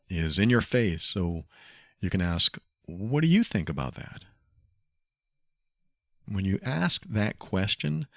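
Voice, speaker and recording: A man hosting a podcast, giving calm, coaching advice and repeating key phrases. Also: deep voice, no echo, clean studio sound. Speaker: podcast host. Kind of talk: advice monologue.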